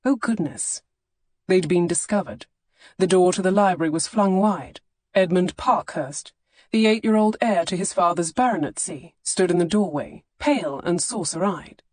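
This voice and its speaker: A woman narrating a historical romance audiobook in a measured, expressive reading on a close studio mic. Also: on the low side, no room sound. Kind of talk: scripted narration.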